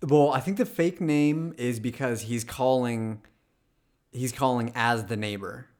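A young adult man co-hosts a casual podcast, in a voice of middling pitch. He is dry and contrarian, and stammers through restarts as he works through an argument. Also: measured pace, a little mellow. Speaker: podcast co-host. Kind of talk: casual chat.

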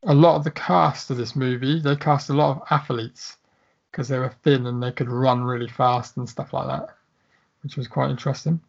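Sweary, gravelly man chatting films. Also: medium pitch, steady tone, normal speed, muffled recording. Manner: sweary, blunt, jokey. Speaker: podcast co-host. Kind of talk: casual film chat.

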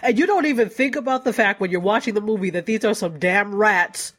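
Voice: medium pitch, fairly quick, background noise. A co-host in casual chat, joking and teasing playfully.

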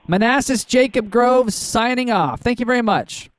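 A man's voice: extremely high pitch, expressive, normal speed, few pauses, dry recording. A man on a call giving his details, hesitating with many ums. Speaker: caller.

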